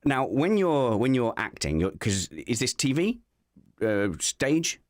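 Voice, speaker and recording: A man's voice: mid-range voice, slow pace, no echo, clean studio sound. An English man with a North Essex accent, hosting a casual chat over a video call in a jokey way. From England. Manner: jokey, animated, breaks into mock accents. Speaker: podcast host.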